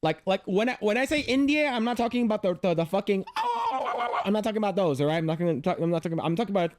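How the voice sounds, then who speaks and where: A man's voice: high voice, lively intonation, racing. A man hosting a reaction video, reading comments aloud and talking bluntly and profanely, with rambling restarts.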